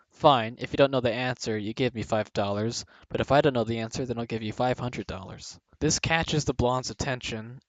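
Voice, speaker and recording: A young man reads jokes aloud for a video, often bursting into laughter partway through a line. His voice is medium-pitched, and the home recording sounds dull and dry with no echo.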